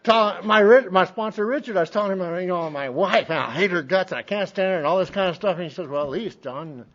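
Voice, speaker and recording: He talks fast in a high, slightly bright voice, a Montana man doing a speaker share at a recovery meeting. He tells his story folksily, voicing quotes from others, and the recording is dull, lo-fi meeting tape.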